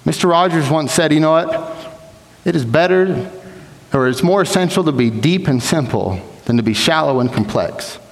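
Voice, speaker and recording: An earnest young male preacher with a fairly high voice, exhorting his congregation and often restarting a phrase. His voice rings out with a long reverb, as in a big church hall. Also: lively intonation, normal speed. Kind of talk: sermon. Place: church sanctuary.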